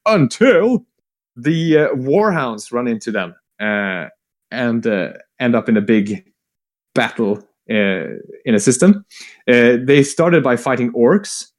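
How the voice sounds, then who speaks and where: A man casually retelling a long war story, rambling with fillers, swearing and quick acted-out quotes. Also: mid-range voice, lively intonation. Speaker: podcast co-host retelling lore. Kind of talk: casual chat.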